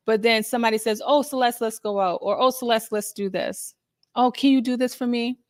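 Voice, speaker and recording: A woman's voice: medium pitch, no room sound, studio quality. A woman therapist giving a casual, upbeat self-help talk that is full of asides and acted-out quotes of people's thoughts.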